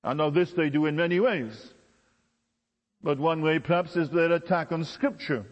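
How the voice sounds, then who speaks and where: A man's voice: moderate pace, in a large hall, dull audio. A man preaching a sermon with emphatic delivery, from Britain. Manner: emphatic, with sweeping pitch swings.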